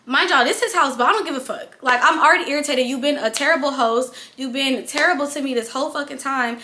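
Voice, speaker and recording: High bright-voiced young woman telling a story. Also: quick pace, slight background noise. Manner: blunt, profane, animated storytelling. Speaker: vlogger. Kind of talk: casual storytime vlog.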